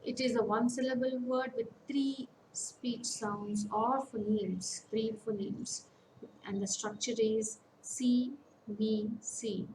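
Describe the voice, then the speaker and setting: A woman giving an online lecture, slowly listing example words one by one with pauses. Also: fairly high pitch, fairly even intonation, roomy sound, background noise. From India. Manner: slow, deliberate, lists words one by one with pauses. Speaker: academic counsellor. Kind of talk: online lecture on English phonetics.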